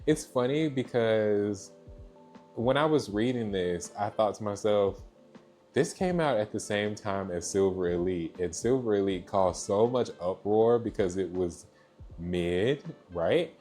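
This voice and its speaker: A young man from Georgia in the US gives a casual, chatty book review. His voice sits fairly low and he gushes over what he likes. Soft music plays faintly behind him. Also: a little slow. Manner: chatty, gushing, repeats "so yeah".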